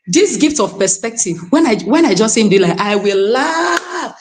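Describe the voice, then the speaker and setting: A woman from Nigeria with a Nigerian accent, giving an animated, exclamatory testimony as a guest on a live stream. She keeps calling out to her coach and slips into pidgin phrases. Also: a little high, normal speed. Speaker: podcast guest sharing a testimony.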